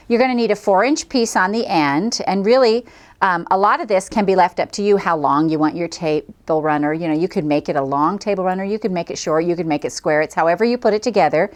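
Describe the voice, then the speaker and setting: A middle-aged woman hosting a quilting tutorial, chatting cheerfully and folksily as she demonstrates each step. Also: medium pitch. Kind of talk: friendly craft demonstration.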